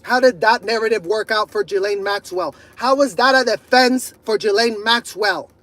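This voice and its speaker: A man ranting to camera in fury, swearing heavily, repeating his points and bursting into shouts. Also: high voice, moderate pace, low-quality recording. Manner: furious, profane, repeating himself, bursts of shouting. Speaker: video creator. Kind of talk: angry rant to camera.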